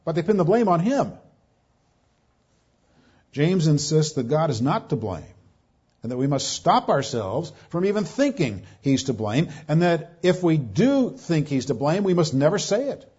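Emphatic preacher man, husky and warm. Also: on the high side, sing-song, unhurried. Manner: emphatic, repeats key phrases. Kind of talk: expository sermon. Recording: dull lo-fi sound.

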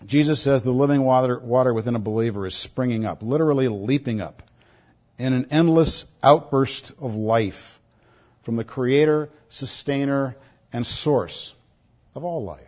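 A man's voice: medium pitch, moderate pace, darkish tone. A man preaching a sermon as a pastor, stressing points by repeating words. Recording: dull lo-fi recording.

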